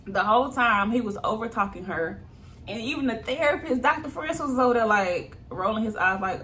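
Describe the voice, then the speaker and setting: A woman's voice: fairly high pitch, brisk, a little hiss or hum. A woman giving a casual, gossipy recap of a reality show, laughing often and acting out what people said. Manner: laughs often, gossipy and animated, acts out quotes.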